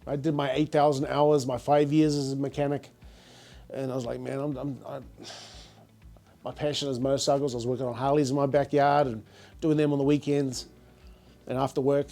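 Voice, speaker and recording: A man's voice: mid-range voice, flat delivery, brisk, warm tone. A middle-aged man with a New Zealand accent, a business founder telling stories in a casual, slangy interview, repeating words as he goes.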